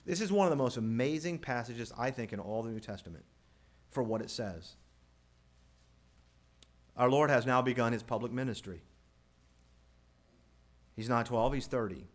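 A man preaching a sermon in an animated way, asking the crowd rhetorical questions and quoting scripture. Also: mid-range voice, normal speed, long pauses. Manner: animated, rhetorical questions, mimics family scenes. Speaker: pastor.

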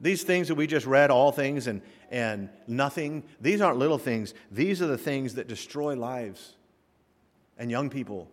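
A man preaching a sermon in a church, reading scripture aloud and commenting line by line, with sudden loud rises and quiet drops. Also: medium pitch. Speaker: pastor. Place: church sanctuary. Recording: long hall reverb.

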